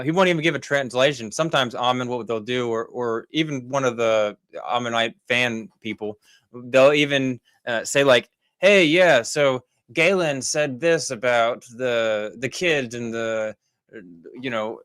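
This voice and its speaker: A man's voice: mid-range voice, measured pace, fairly bright tone, smooth, dry recording. Rambling man commenting, dry sound. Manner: rambling, with many fillers and restarts; critical, exasperated. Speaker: commentary host. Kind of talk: casual commentary over clips.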